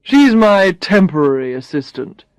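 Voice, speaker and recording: A woman's voice: medium pitch, big pitch swings, a little slow, no echo, poor audio. A woman reading a story voices a confident man who teases with dry sarcasm. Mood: matter-of-fact. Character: teasing confident man, her boss.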